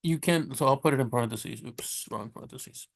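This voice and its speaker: A man's voice: mid-range voice, gravelly. Chatty man teaching Spanish. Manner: chatty, self-correcting, laughs at his slips; slows down to sound out the Spanish words. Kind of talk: casual screen-share lesson.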